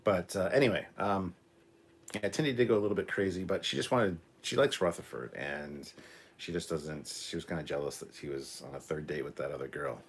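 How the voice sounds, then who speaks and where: A Canadian man in his forties hosts a casual live reaction stream, speaking a little fast in a low, husky voice. He rambles with many ums, reads the chat aloud and apologizes for a cough.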